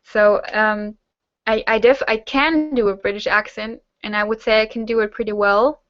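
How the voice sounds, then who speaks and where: A woman's voice: mid-range voice, fairly even intonation, moderate pace, a bit bright, muffled recording. A young German woman hosting a casual Q&A hangout, chatting with lots of fillers and restarts. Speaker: host; teacher-training student.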